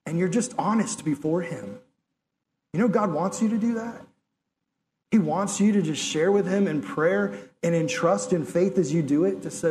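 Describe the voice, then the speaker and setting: A man's voice: high voice, moderate pace, slight background noise. A man giving a sermon in an earnest, conversational way, talking straight to his listeners and acting out lines of dialogue. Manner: acts out God's and Elijah's words in lively asides. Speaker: preacher.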